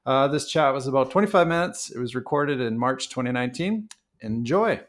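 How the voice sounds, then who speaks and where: A man's voice: mid-range voice, lively intonation, fairly quick. A man giving a short, upbeat introduction to a podcast episode. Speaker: podcast host. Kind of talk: scripted intro.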